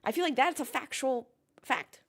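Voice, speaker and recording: A woman's voice: sits high, expressive, normal speed, a bit bright, slightly rough. A young woman casually chatting on a livestream, reading chat comments and ranting with the odd swear word. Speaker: livestream host watching a race with chat. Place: home, in Melbourne.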